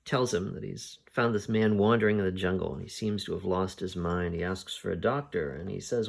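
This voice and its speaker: Male host, husky and gravelly, casual halting plot recap. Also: low voice, steady tone. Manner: unhurried, halting, thinking aloud. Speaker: podcast host reviewing comics. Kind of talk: casual spoken retelling of a story.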